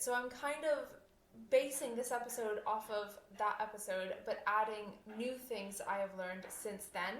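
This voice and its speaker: Young adult woman, chatty podcast host, rambling and laughing, slightly high voice, echoey room. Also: a bit bright. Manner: chatty, rambling, frequent fillers and restarts, laughs often. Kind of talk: casual solo podcast talk.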